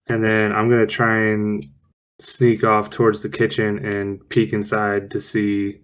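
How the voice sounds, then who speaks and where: A man playing a tabletop game online, hesitant and measured. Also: on the low side, completely flat delivery, fairly bright tone. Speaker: player.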